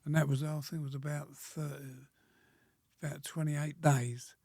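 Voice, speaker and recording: Gravelly, plain-spoken man of 100. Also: on the high side, little pitch movement, darkish tone, no echo, clean studio sound. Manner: plain-spoken, slow storytelling, frequent pauses and throat-clearing. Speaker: guest, war veteran. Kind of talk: reminiscing interview answers.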